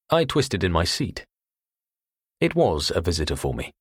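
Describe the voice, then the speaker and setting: A male audiobook narrator with a very low, deep voice that still moves a lot in pitch. He tells the thriller in a measured first-person style, recorded dry and close. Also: huge pitch swings, breathy edge, no echo.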